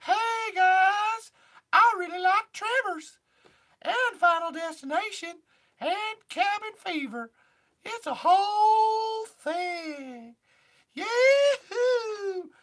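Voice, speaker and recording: A man putting on a shrill, giddy, goofy young guy with a sing-song delivery. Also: expressive, extremely slow, a bit bright, heavily acted.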